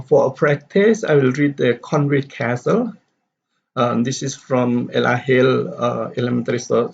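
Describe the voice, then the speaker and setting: A man teaching pronunciation in a lecture, halting with many fillers and restarts as he reads example sentences aloud. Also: medium pitch, gravelly, darkish tone, slightly rough. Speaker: English teacher. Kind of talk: explanatory lecture on stress and intonation. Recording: dull lo-fi recording.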